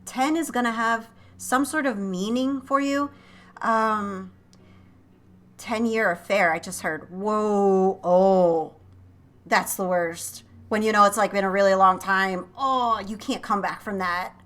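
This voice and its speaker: A woman's voice: mid-range voice, slow, a bit bright. A woman giving an intuitive tarot reading to camera, emotive and often breaking off to exclaim as impressions come to her. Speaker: tarot reader and psychic channel.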